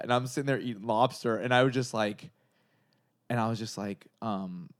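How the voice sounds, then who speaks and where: Guy from socal rambling thru a crazy story, lots of likes and f-words, normal-pitched voice. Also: quick pace. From San Gabriel Valley, California. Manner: rambling, swearing, heavy filler words. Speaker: comedian guest. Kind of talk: casual storytelling chat.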